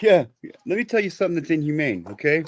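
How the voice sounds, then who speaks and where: A man's voice: a little high, sing-song, fast. A man hosting a podcast in casual conversation, blunt and emphatic, swearing when heated.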